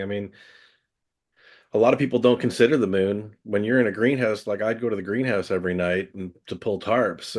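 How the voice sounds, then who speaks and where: A man on a podcast talking about growing, thinking aloud with many filler words. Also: on the low side. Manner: thoughtful, many fillers like "I mean". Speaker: guest grower. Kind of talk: casual podcast conversation.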